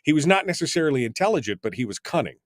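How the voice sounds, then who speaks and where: A man's voice: a little high, sing-song, rapid-fire, no echo, clean studio sound. A man hosting a radio talk show, chatting loosely with many fillers and restarts. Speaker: radio show host and voice actor. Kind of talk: casual radio interview chat.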